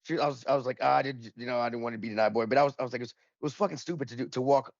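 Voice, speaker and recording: A man's voice: medium pitch, racing, vocal fry, dry recording, highs cut off. A man in casual podcast chat, telling a rambling, profane anecdote and acting out the dialogue in it. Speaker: podcast panelist.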